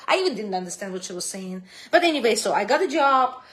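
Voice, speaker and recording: Animated woman with a Russian accent. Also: a little fast. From Kazakhstan. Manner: animated, big swings in pitch and loudness, non-native grammar. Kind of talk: casual personal storytelling to camera.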